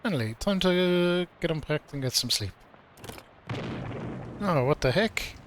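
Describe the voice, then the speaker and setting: A man's voice: on the high side, lively intonation, measured pace, slight background noise. A man streaming a game, reading its dialogue aloud in a casual, playful way with mock old-fashioned delivery. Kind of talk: let's play commentary, reading game text aloud.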